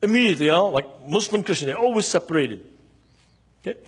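Husky high-voiced man preaching. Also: lively intonation, fast talker. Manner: impassioned, fires rhetorical questions at the audience. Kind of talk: sermon.

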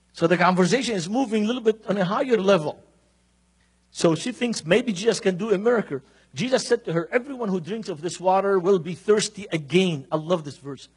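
A man preaching a sermon, reading scripture and telling personal stories in an increasingly animated, emphatic way. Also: sits high, a little fast, husky. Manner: storytelling, grows more animated and emphatic.

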